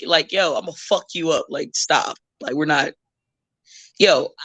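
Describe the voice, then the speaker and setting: A woman's voice: low voice, a little slow, fairly bright tone. A woman wrestler as a podcast guest, talking bluntly and profanely in casual chat and acting out the people she quotes.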